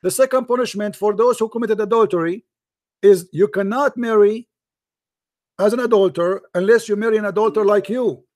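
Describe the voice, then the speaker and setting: A high-pitched man runs a call-in debate with open scorn. He talks over his caller and mocks him without letup. The sound is close and dry. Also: a little fast, darkish tone, dry recording. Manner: mocking, combative, insulting. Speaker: debate show host.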